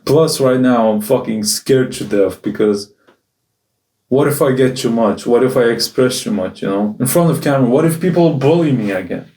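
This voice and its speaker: A man confiding to his camera in a raw, emotional video diary, cursing freely and stumbling over restarts. His voice sits at an ordinary middle pitch. The sound carries a roomy echo, and he is some way off from the mic. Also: warm tone, far from the mic. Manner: raw, emotional, swears often, halting restarts. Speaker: video journal host.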